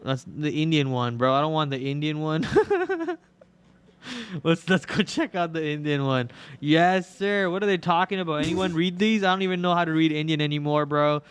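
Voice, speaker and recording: A man's voice: on the high side, lively intonation, normal speed, clean tone. A young man hosting a stock trading livestream, talking in loose, rambling casual commentary with lots of fillers. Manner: rambling, chatty, filler-heavy. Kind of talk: casual live market commentary.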